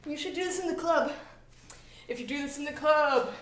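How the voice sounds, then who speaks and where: Bubbly high-voiced woman streaming games. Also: moderate pace, fairly bright tone. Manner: playful and bubbly, slips into singsong. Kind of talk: casual live-stream chat.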